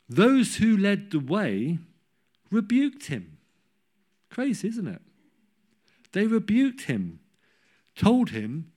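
A man preaching a sermon, telling a Bible story with humorous asides and rising to loud cries when he quotes. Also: high voice, wildly swooping pitch, slow, long pauses.

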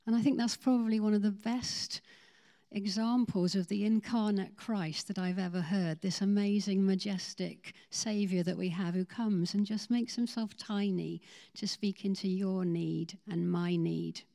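A woman's voice: medium pitch, steady tone, a little slow, creaky, dark tone. A woman telling testimony stories in a sermon, acting out the voices of the people she quotes. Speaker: ministry team leader.

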